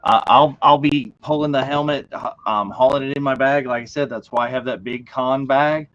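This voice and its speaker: A man's voice: mid-range voice, fairly even intonation, normal speed, a bit bright. Easygoing man on a muffled stream. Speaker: co-host. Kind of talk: casual chat. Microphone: video call. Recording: dull lo-fi stream audio.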